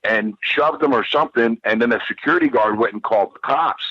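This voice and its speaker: A man's voice: mid-range voice, fairly quick, bright, forceful tone, breathy edge, no echo. A middle-aged man telling a profane, rambling story as a podcast guest, repeating himself as he goes. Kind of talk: casual storytelling. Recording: dull lo-fi audio.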